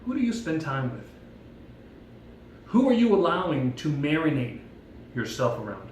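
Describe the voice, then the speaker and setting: A man giving a playful devotional talk with props, telling a story in a jokey, animated way. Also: fairly high pitch, normal speed, slight background noise. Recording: echoey room, mic at a distance.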